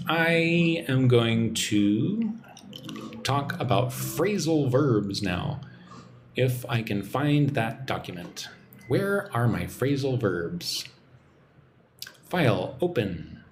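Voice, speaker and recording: A man giving a live-streamed English lesson, relaxed and chatty as he reads out viewer comments. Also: medium pitch, slight background noise. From United States. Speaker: English teacher.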